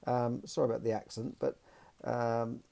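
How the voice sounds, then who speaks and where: A man's voice: medium pitch, monotone, moderate pace, vocal fry, mellow. A man hosting a solo podcast, commenting in a rambling, opinionated way. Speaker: podcast host.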